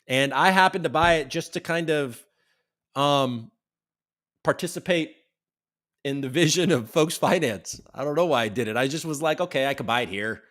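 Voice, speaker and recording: This livestream host has a slightly high, fairly bright voice, speaking at a moderate pace with frequent pauses. He chats loosely, reads viewer comments aloud as they arrive, and swears now and then.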